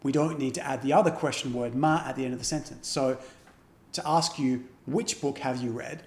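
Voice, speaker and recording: A man teaching a beginner language lesson, explaining patiently and repeating example phrases slowly and carefully. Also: mid-range voice, steady tone, echoey room.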